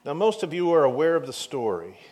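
A man giving a sermon, reading scripture aloud and retelling the story with animated swings between hushed and loud delivery. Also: on the high side, fairly quick. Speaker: pastor.

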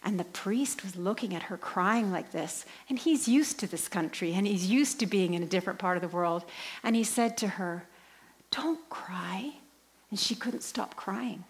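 A woman tells a story from the pulpit in a medium voice. She leans hard on key words, then drops to a soft, breathy hush for the tender moments. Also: medium pitch, moderate pace. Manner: dramatic storyteller, swings from bright emphasis down to hushed near-whispers. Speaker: Christian speaker and pilgrimage leader. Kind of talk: spoken storytelling sermon.

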